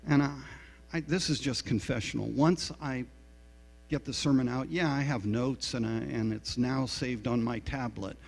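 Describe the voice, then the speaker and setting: A man's voice: mid-range voice, moderate pace, vocal fry. A middle-aged man preaching a sermon as a pastor, telling a story in a frank, self-deprecating way. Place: church sanctuary. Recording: reverberant hall with mains hum.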